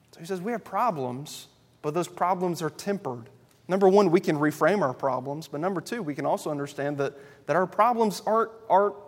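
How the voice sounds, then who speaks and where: A man preaching a sermon to a congregation, emphatic and building through loud repeated lists. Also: fairly high pitch, big-room sound. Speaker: pastor.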